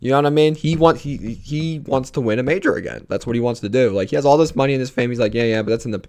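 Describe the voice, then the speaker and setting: A man's voice: medium pitch, quick pace, darkish tone. A young man hosting a casual solo podcast, rambling and swearing freely, with many restarts. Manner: rambling, profane, restarts a lot. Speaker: podcast host.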